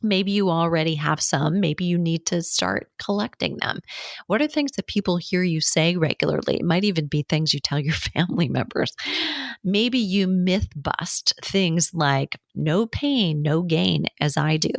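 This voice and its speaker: Middle-aged lady podcaster, lowish voice, chatty and brisk, lots of asides, dry close sound. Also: expressive, dry recording. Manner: chatty, brisk, with uneven pace and frequent asides. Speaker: podcast host. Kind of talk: solo podcast coaching talk.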